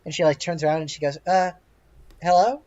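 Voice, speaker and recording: A game master narrating a tabletop game in a halting way, with many fillers. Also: mid-range voice, flat delivery, darkish tone. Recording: dull lo-fi sound.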